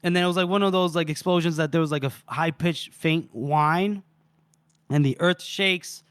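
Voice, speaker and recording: A man's voice: fairly high pitch, moderate pace, fairly bright tone, clear, resonant tone, no room sound. A man co-hosting a book podcast, retelling scenes animatedly and acting out characters' lines with casual swearing. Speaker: podcast co-host.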